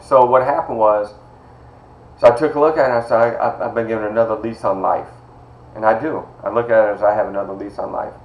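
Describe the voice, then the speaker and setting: A man's voice: on the low side, reverberant, muffled recording. A middle-aged man teaching an online college class, speaking in a personal, encouraging way and greeting students by name. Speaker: college instructor. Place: video call from home.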